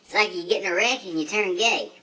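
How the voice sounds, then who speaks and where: A man's voice: high voice, quick pace, sharp tone, poor audio. A man playing a brash, foul-mouthed redneck drag racer in a comedic monologue, full of profane, rambling, boastful trash talk.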